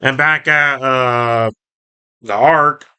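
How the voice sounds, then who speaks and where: A man's voice: medium pitch, steady tone, extremely slow, bright, forceful tone, clean tone. A man casually reading and reviewing a comic book, recapping the story in a rambling, self-correcting way.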